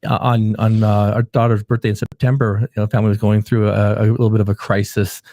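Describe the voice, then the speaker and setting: Earnest middle-aged male therapist, mellow voice. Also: lowish voice, little pitch movement, quick pace, no room sound, clean studio sound. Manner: earnest, storytelling, coaching tone. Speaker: therapist and show host. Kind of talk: casual advice chat.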